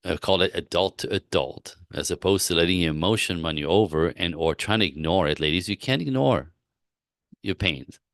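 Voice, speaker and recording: A man working as a relationship coach, giving advice in a live-stream Q&A with animated, rambling storytelling and frequent laughs. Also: low-pitched, moderate pace, no echo, studio quality.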